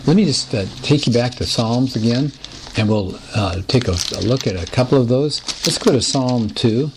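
A man's voice: medium pitch, lively intonation, normal speed, noisy background. A man teaching a recorded Bible lesson, explaining patterns and reading scripture aloud, often asking his listeners rhetorical questions.

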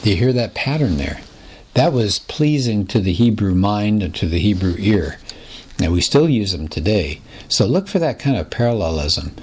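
A man's voice: fairly low pitch, animated, moderate pace, darkish tone, husky. A man teaching a recorded Bible lesson, explaining patterns and reading scripture aloud, often asking his listeners rhetorical questions.

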